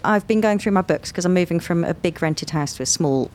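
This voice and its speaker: A middle-aged woman talking casually in a gentle, matter-of-fact way with dry humour. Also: fairly low pitch, a little fast, slight background noise. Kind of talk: casual chat.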